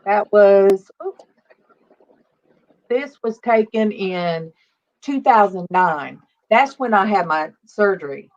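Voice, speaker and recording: Slow-talking woman in her fifties, livestream host. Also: mid-range voice, lively intonation, a little mellow. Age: 50s. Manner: chatty, greets viewers by name. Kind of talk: casual livestream chat. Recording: dull lo-fi stream audio.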